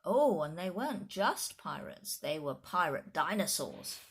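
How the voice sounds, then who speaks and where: A woman's voice: on the low side, big pitch swings, unhurried, slightly rough, exaggerated voice. Woman voicing a plucky boy pirate captain. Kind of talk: reading a children's picture book aloud.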